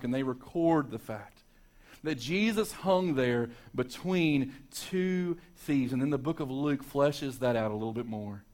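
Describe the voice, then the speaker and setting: Male pastor, dynamic sermon delivery, loud peaks and near-whispered lows, mid-pitched voice. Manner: dynamic preaching, swinging from loud to hushed.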